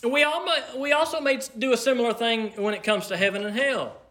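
A man preaching from the pulpit in a high, bright voice. He drives his points home emphatically, slowing into deliberate pauses for weight. The delivery is a pastor's sermon.

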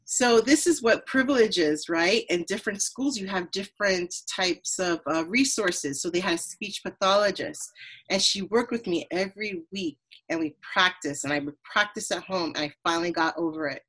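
A woman from Trinidad, hosting a podcast, telling her story in an earnest, animated casual conversation. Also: lowish voice, normal speed, husky, rough recording. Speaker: podcast host.

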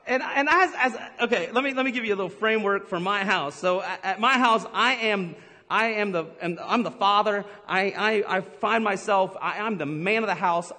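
A middle-aged man preaching a lively sermon, laughing often and acting out his stories. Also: sits high. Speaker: pastor. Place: church hall. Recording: live in a big echoey hall.

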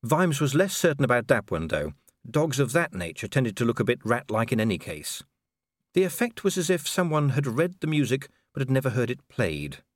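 A man narrating a novel in a wry, expressive reading style. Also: mid-range voice, normal speed, no room sound, studio quality. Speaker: audiobook narrator. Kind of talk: scripted narration.

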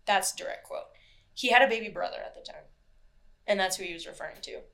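A woman's voice: medium pitch, quick pace, gravelly, a bit bright. A woman co-hosting a podcast, telling a true crime story in casual, chatty talk, swearing freely and acting out what people said. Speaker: podcast co-host.

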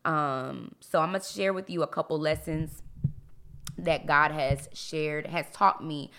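A woman hosting a casual faith podcast, lively and expressive, her voice swinging up and down as she talks and laughs. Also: low-pitched, a little slow, clear, resonant tone. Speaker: podcast host.

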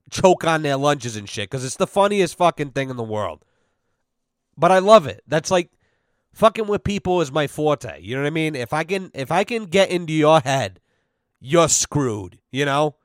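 A brash young man spins profane stories on his podcast, acting out both sides of every exchange. His voice sits a bit high for a man, and it comes through close and dry with no room sound. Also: no echo. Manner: brash, animated, heavy swearing, acts out quoted exchanges. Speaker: podcast host. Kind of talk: profane storytelling chat.

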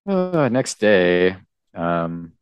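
A man's voice: low voice, very animated, extremely slow, clear, resonant tone, dry recording. A man co-hosting a podcast, recapping a comic in a rambling, hesitant, casual way. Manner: rambling, hesitant, with fillers and restarts. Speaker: podcast co-host.

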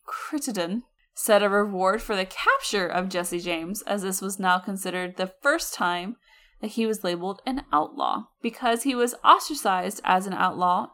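Woman podcast co-host, mid-pitched, loose and slangy history storytelling. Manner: chatty, slangy storytelling with mock-excited asides. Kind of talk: casual history podcast narration.

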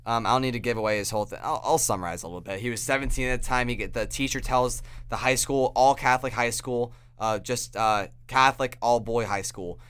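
Young guy podcast host, bright sharp voice, rambly and sweary, keeps restarting. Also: mid-range voice, fairly quick, few pauses, clear, resonant tone. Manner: rambling, profane, many restarts. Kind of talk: casual chat, storytelling.

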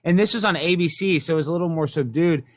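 A man's voice: on the high side, quick pace, no room sound. Chatty young man, dry close sound. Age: 20s. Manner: loose, peppered with "like" and "you know". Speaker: guest. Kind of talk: casual conversation.

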